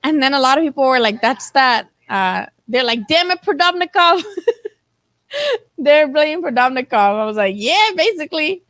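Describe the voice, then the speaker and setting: A woman's voice: high-pitched, very animated, a little slow, a bit bright, no room sound, rough recording. A woman hosting a live boxing chat, talking casually and animatedly, swearing freely and acting out what people said. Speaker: boxing channel host.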